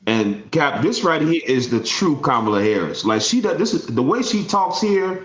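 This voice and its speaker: A man's voice: fairly high pitch, very animated, moderate pace, fairly bright tone, reverberant. A man speaking as a guest in a casual panel discussion, conversational and full of fillers.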